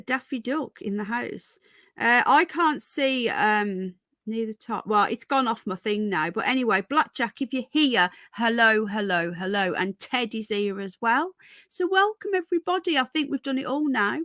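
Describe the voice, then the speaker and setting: A woman hosts a casual livestream from home, greeting each viewer by name and calling them darling and sweetheart. Her voice sits fairly high. The sound is dry and close, with little room around it. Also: fairly bright tone, no echo. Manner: chatty, affectionate, calls viewers darling and sweetheart. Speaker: livestream host.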